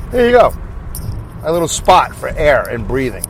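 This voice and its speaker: A man's voice: a little high, big pitch swings, moderate pace, a little hiss or hum, poor audio. A man hosting a casual solo podcast, rambling and thinking aloud, asking and answering his own questions. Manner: leads listeners through a breathing break. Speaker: podcast host.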